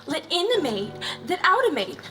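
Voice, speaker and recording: A woman's voice: extremely high pitch, big pitch swings, normal speed, music in the background, low-quality recording. A woman acting a grief-mad young noblewoman on stage, half singing her lines in a drifting singsong. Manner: singsong, drifting, laughing softly.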